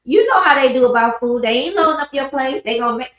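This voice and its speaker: A woman hosting a casual live-stream chat, telling animated stories and mimicking people as she goes. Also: high-pitched, quick pace, crowd noise. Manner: animated storyteller, mimics people, laughs often. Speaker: host. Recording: echoey, dull livestream audio.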